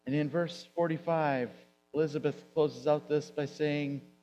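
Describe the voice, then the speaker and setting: A man's voice: a little high, fairly even intonation, dark tone, dull audio, faint music behind. Conversational male pastor preaching. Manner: conversational, rhetorical questions, drawn-out emphasis. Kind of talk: sermon. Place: church sanctuary.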